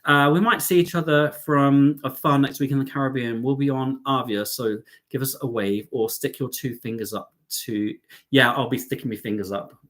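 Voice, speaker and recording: A man from the United Kingdom hosting a live stream, talking to his viewers in a chatty, excitable way and calling them darling and lovelies. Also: mid-range voice, moderate pace.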